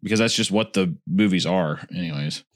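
An American man with a lowish voice, talking loosely on a podcast. He rambles, restarts his sentences and drops crude jokes in relaxed banter. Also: fairly quick. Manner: rambling, self-interrupting, crude humor. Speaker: podcast co-host. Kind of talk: casual chat.

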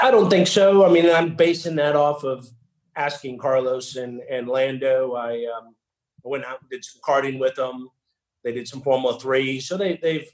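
A man answers interview questions at a mid pitch. He stops and restarts often and fills gaps with ums and uhs. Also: rough recording. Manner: hesitant, many fillers and restarts. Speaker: racing team boss, guest.

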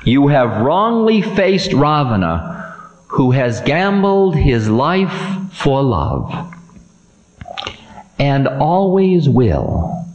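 A man's voice: very animated, dull audio. Man doing Ravana, a sneering demon king. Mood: defiant. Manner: slow, low, drawling and sneering. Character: Ravana, scornful mocking demon king, male. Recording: echoey room.

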